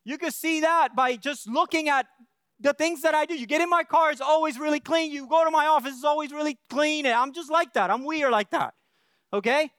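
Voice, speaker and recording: A man's voice: very high voice, fairly quick, bright, forceful tone, no echo, studio quality. A male pastor preaching a sermon in an earnest way, often checking in with the congregation and restarting his phrases.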